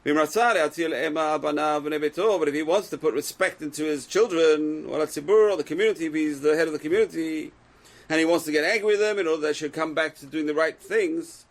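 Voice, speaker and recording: A man's voice: fairly high pitch, fast talker. A man teaching a Torah class who reads Hebrew texts aloud, translates them, and asks the class rhetorical questions.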